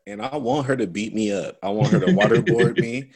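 Guy cohosting a podcast, jokey and relaxed, talks slang, plays along with his buddy. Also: mid-range voice, brisk, creaky, a crowd in the background. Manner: playful, joking, slangy. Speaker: podcast co-host. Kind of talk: casual movie recap chat.

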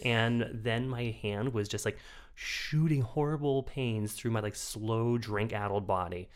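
Male podcast co-host, chatty storyteller, swears and laughs mid-story. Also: medium pitch. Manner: animated storyteller, acts out his own shouts; swears freely, laughs while telling. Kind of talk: casual chat.

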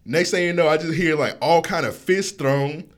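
A man's voice: fairly high pitch, normal speed. A man co-hosting a podcast, chatting loosely and laughing often between lines. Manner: laughing, loose banter with frequent "bro". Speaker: podcast co-host. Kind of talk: casual chat. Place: home studio.

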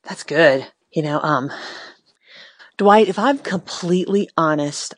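A woman's voice: deep voice, expressive, measured pace, no room sound. A middle-aged woman hosting a talk show, speaking in a heartfelt, reflective way and sounding close to tears. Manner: heartfelt, reflective, a bit emotional. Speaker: radio host. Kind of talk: casual faith-based talk.

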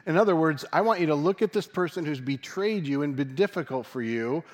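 Guy pastor giving a sunday sermon, mid-pitched voice, joking around, chatty asides. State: dry mouth from caffeine. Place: church service.

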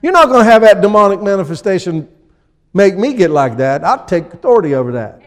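A man preaching a sermon as pastor, acting out people in little scenes with lively energy. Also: high voice, fairly quick, long reverb tail. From USA.

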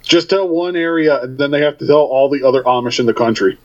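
A man's voice: mid-range voice, fast. A man co-hosting a casual podcast chat, tossing in sarcastic jokes and asides. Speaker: podcast co-host. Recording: dull lo-fi sound.

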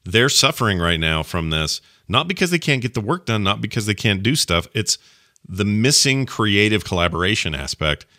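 A man's voice: fairly low pitch, sing-song, normal speed, sharp tone, no echo, clean studio sound. A man co-hosting an advice podcast, chatting casually and rambling, sometimes searching for words. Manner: rambling, acts out quoted voices, searches for words. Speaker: podcast co-host.

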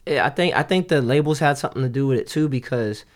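A man's voice: mid-range voice, fast talker. A man co-hosting a podcast, talking casually in a loose, slangy and profane way, rambling with restarts. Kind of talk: casual chat.

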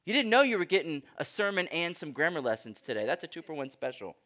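A man's voice: fairly high pitch, sing-song, fast talker, pushed and bright. A man preaching a sermon as pastor, teaching in an engaging way, asking the congregation questions and reading scripture aloud with emphasis.

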